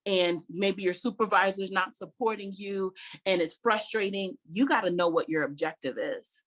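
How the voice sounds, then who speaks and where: Speaking at a moderate pace in a mid-range, fairly bright voice, a middle-aged woman leads a public speaking workshop online. Her style is conversational and direct to viewers, as she repeats key ideas emphatically and laughs between points.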